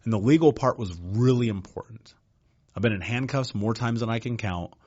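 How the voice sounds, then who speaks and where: Man, podcast guest, low voice, blunt profane storytelling, muffled audio. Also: moderate pace, a little mellow, breathy edge. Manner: blunt, profane, says "dude" often. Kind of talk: casual personal storytelling.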